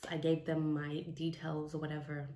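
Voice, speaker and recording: A young woman from retelling a personal story for a vlog, animated and repeating lines for emphasis, acting out what people said. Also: low-pitched, normal speed. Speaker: vlogger telling a story. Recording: echoey room with faint noise.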